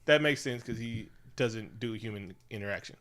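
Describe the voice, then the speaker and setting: A man co-hosting a casual podcast movie review, animated and acting out characters in exaggerated voices. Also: lowish voice, moderate pace. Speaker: podcast co-host.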